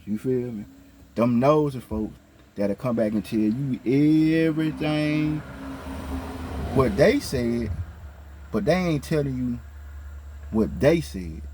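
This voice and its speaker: A vlogger tells his viewers a story casually, his somewhat low voice slightly scratchy from a cold. He's chatty and animated, especially when retelling events, and keeps checking in with his listeners.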